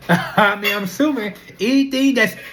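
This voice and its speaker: A young adult speaker, chatting straight to camera. The talk is loose and animated, looping through rhetorical questions and repeated fillers. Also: mid-range voice, moderate pace. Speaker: vlogger. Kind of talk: casual talking-to-camera monologue.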